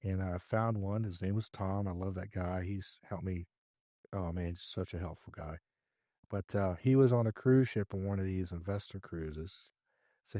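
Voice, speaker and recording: Low mellow-voiced man telling a story. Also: moderate pace, no echo. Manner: lively storyteller who acts out his own dialogue. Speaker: podcast guest, real estate investor. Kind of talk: conversational storytelling interview.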